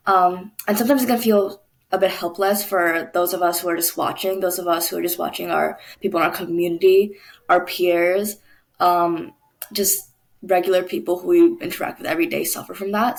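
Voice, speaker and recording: A woman's voice: lowish voice, fairly even intonation, moderate pace, gravelly. Teen girl podcast host from Canada. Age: teens. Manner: polite, thoughtful questions with "um" fillers.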